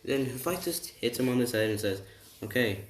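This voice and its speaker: A man casually retelling a fan story in a rambling, halting way with many restarts. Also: mid-range voice, lively intonation. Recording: roomy room, distant mic, faint hiss.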